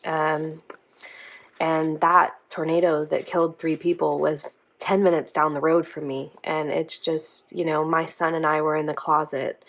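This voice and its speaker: A woman's voice: sits low, flat delivery, unhurried, creaky. A woman talking in a rambling, earnest way while she sets up her planner at home, using lots of fillers. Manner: rambling and chatty, heavy on "um" and "like"; earnest, emotional and apologetic. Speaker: planner vlogger. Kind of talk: casual chat while decorating a planner.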